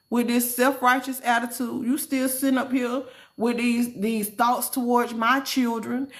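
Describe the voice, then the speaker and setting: A woman's voice: a little high, natural voice. A woman voicing God as a stern, loving male divine figure who corrects firmly in plain words. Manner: firm, correcting, plain-spoken.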